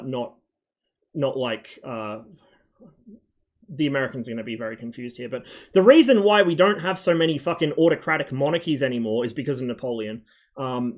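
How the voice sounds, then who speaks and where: A man chatting casually on a live game stream, wandering from one thought to the next. He swears freely and fills pauses with ums and likes. His voice sits at an ordinary middle pitch. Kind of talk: casual rambling stream chat.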